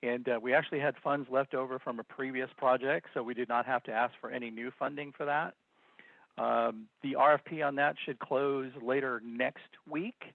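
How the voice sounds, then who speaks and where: Gravelly man on a tinny line. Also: mid-range voice, no echo. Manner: hesitant, many fillers. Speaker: city department head. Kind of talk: budget hearing presentation.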